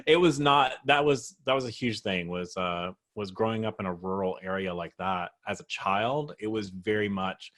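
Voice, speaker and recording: Friendly low-voiced male interview host. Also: measured pace, a bit bright. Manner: friendly, encouraging, chatty. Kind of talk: casual interview chat.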